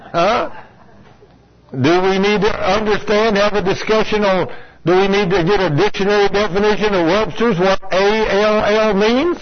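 A man delivers a sermon in a folksy, conversational manner, often turning to his listeners with questions. His voice sits a little high for a man. The sound is dull and lo-fi, like an old radio broadcast. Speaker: preacher.

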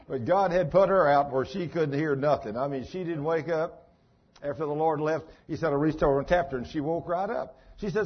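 A man's voice: on the high side, lively intonation, moderate pace, breathy edge, dull audio. A man preaching a sermon in a folksy, dramatic storytelling manner.

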